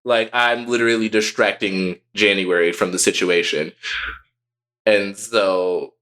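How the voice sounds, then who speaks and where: A young man co-hosting a podcast, telling a personal story in a candid, profane, animated way. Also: fairly low pitch, measured pace. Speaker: podcast co-host.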